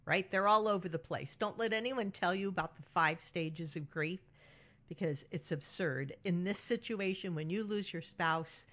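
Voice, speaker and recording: Speaking at an ordinary pace in a lowish voice, a middle-aged woman runs her own solo podcast. Her tone is warm and reassuring yet frank, and she keeps tagging her remarks with "right?".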